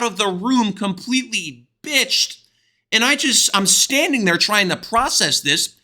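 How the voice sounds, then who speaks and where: A young man from the United States telling a crude, excitable storytime with plenty of swearing. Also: high-pitched, measured pace. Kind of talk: animated storytime vlog.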